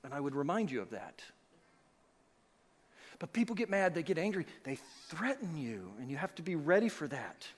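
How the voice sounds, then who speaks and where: High-voiced man preaching in a reverberant hall. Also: normal speed. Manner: animated, acts out quoted voices, rising to loud emphasis. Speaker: pastor. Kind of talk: sermon. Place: church sanctuary.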